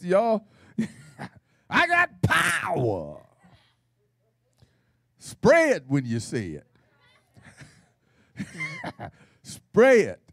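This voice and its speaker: A man's voice: high-pitched, dry recording, studio quality. A man preaching at a Bible study in a folksy, playful style, with call-and-response and laughter. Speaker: pastor.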